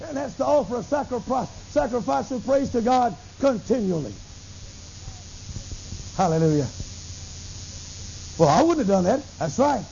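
A middle-aged man preaching a sermon, telling a story with lively acted-out dialogue. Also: very high voice, gravelly. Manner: animated storytelling, acts out dialogue, bursts into tongues. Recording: dull lo-fi recording with faint hiss.

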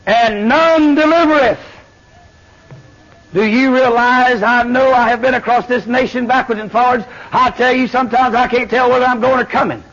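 A man preaching a fiery sermon, swinging between shouted lines and low murmurs. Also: steady tone, moderate pace. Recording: dull lo-fi sermon recording.

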